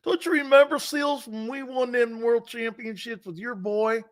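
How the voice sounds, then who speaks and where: A man putting on an old, toothless male football fan who mumbles loud, high-pitched boasts about past titles. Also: normal speed. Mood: boastful mumbling.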